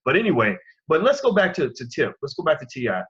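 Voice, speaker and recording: Husky-voiced man giving impassioned commentary. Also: a little high, huge pitch swings, fast, fairly bright tone, highs cut off. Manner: impassioned, preaching, direct address to listeners. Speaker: commentary channel host. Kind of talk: opinion commentary.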